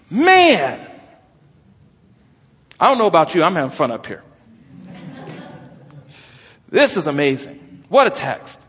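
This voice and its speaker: A man preaching an expository sermon, emphatic and exclaiming as he explains a text. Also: very high voice. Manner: emphatic, exclaims and stretches words. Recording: lo-fi with long hall reverb.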